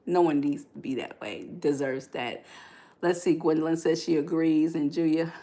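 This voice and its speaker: A woman's voice: sits low, fairly even intonation, moderate pace, mellow. A woman hosting a live relationship-advice stream who talks to her viewers, reads their comments aloud, and speaks in a preacher-like way. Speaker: podcast host and life coach.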